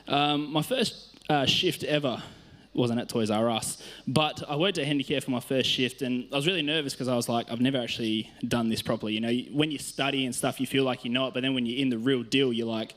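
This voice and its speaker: An Australian youth worker tells stories during a casual sermon on a church stage, speaking in a brisk, medium-pitched voice with a fairly bright tone. He's chatty and self-mocking, and he laughs often.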